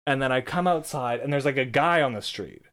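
A man co-hosting a podcast, telling a story in casual chat, acting out quotes in a high strained voice and laughing often. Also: lively intonation, fairly quick, fairly bright tone. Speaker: podcast co-host.

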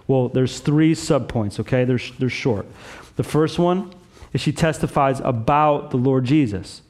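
A man's voice: mid-range voice, unhurried, darkish tone. A man preaching a sermon as pastor, earnest and conversational, with frequent "like" and "right?" asides.

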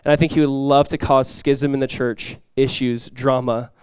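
A man preaching a sermon as pastor, telling stories with lively energy, then dropping quiet and slow to press a point. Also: medium pitch, clean tone, no echo, clean studio sound. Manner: animated storytelling, drops quiet and slow for emphasis; conversational, many fillers like "like" and "you guys".

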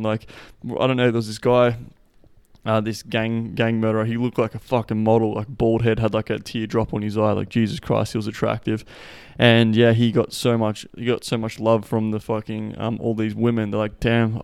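A man's voice: on the low side, monotone, brisk, darkish tone, clear, resonant tone, no room sound. A man hosting a podcast, telling crude stories in a profane, rambling way while slightly out of breath from walking. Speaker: podcast host. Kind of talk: casual monologue.

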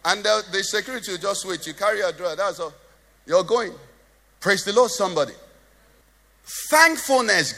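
A man's voice: sits high, pushed and bright, in a large hall. A Nigerian man preaching a sermon as pastor, joking and asking the congregation questions. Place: church hall.

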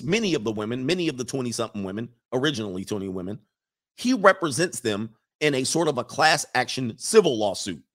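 A man's voice: medium pitch, a bit bright. A man giving casual sports commentary who rambles, often restarting and correcting himself.

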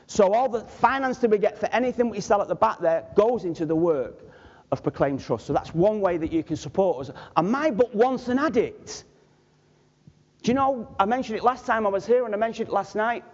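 A Manchester man preaching in a very high, lively voice that leaps up and down, joking with his listeners and speaking to them directly. The sound is dull and lo-fi, with a long reverb from the large hall around him. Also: a little fast. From Manchester, England. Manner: animated, humorous, addresses the audience directly. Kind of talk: sermon with personal storytelling.

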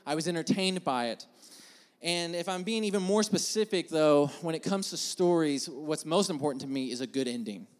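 Brief: male pastor, high voice, casual and joking, tells stories from the pulpit, long church reverb. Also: normal speed. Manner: casual, joking, animated storytelling. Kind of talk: storytelling sermon. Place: church sanctuary.

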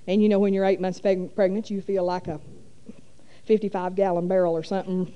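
Middle-aged woman, warm mellow tone, folksy rambling church testimony. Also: mid-range voice, level tone, brisk, highs cut off. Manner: folksy rambling with many fillers. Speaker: church speaker. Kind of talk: testimony storytelling.

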